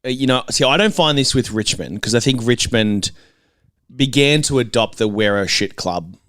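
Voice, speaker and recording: A man's voice: mid-range voice, moderate pace, fairly bright tone, no room sound. A man in his twenties with an Australian accent, co-hosting a casual football podcast with dry, teasing banter. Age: 20s. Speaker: podcast co-host. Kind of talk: casual footy chat.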